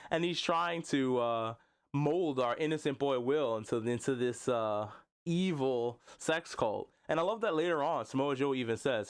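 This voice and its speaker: Speaking at a measured pace in a clean, mid-range voice, a man hosts a live stream about wrestling as a wrestling podcast host. The talk is casual and jokey, full of laughter and the occasional silly voice.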